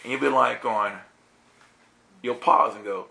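A male preacher with a gravelly, bright voice delivers an animated sermon. He laughs often and slips into playful voices for the people in his stories. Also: medium pitch, measured pace, long pauses. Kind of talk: lively sermon with storytelling.

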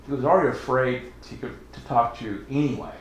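A man voicing the Lord, calm and fatherly. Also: medium pitch, fast, natural voice. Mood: gentle. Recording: very echoey room, faint noise.

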